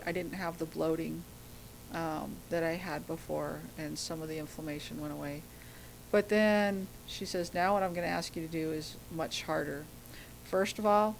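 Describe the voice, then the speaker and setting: A middle-aged woman tells a personal story in a lowish voice, slipping into the voices of the people she quotes. A faint rumble sits under the recording. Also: gravelly, low-quality recording. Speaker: guest.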